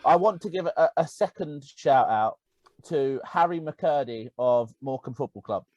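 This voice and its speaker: A man's voice: on the high side, normal speed, dry recording, lo-fi sound. A man co-hosting a casual football podcast, telling stories animatedly. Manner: animated storytelling, laughing. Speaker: podcast co-host.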